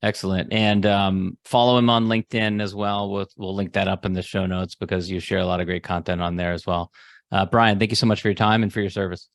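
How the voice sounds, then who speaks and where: A man's voice: deep voice, flat delivery, brisk, no echo. A man hosting an interview podcast, affable and encouraging toward his guest. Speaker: podcast host. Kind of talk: interview host.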